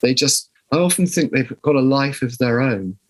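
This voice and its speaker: An older man with a southern English accent, speaking as a guest in an interview. He tells his stories in a reflective, conversational way and often restarts his sentences. His voice sits at an ordinary pitch. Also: lively intonation, moderate pace. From southern England. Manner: reflective, storytelling with frequent restarts. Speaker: guest musician.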